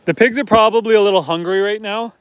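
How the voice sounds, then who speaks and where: A man's voice: sits high, fast, clear, resonant tone, no echo, highs cut off. A man chatting casually on a live stream outdoors on his farm, explaining his chores as he works. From Canada. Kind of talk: casual live-stream chat, reading viewer comments. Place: outdoors on a farm near a truck and pigs.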